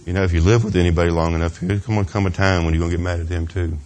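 A middle-aged pastor preaches a sermon in church, earnest and confessional, asking the congregation "Amen?" and sinking to a hushed near-whisper at tender moments. His voice is low-pitched with fairly even intonation, he speaks very fast, and there's slight background noise.

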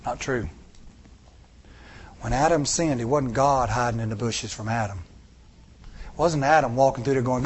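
A man's voice: medium pitch, moderate pace, pauses often, slightly rough. Middle-aged man preaching a sermon. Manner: preaching with rhetorical questions and rising emphasis. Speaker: pastor.

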